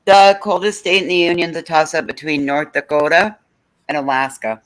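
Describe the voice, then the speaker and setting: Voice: mid-range voice, fairly even intonation, moderate pace, a bit bright. Matter-of-fact voice chiming into a chat. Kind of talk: casual live chat.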